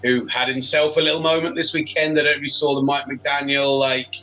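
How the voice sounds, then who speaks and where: A man's voice: medium pitch, flat delivery, fairly quick, pushed and bright, faint music behind. A man, a sports radio presenter chatting enthusiastically as a podcast guest. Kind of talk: casual podcast chat. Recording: slightly dull, lo-fi sound.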